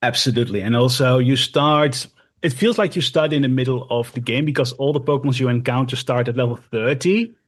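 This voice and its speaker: A man co-hosting a casual podcast, telling game stories in a rambling, animated way with lots of fillers. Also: medium pitch, fairly quick. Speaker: podcast co-host and streamer. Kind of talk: casual chat.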